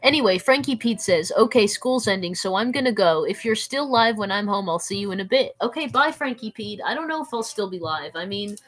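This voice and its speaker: A woman's voice: mid-range voice, animated, fairly quick, few pauses. A young adult woman live streaming, reading chat aloud in a playful, rambling way, often saying "like" and slipping into silly voices.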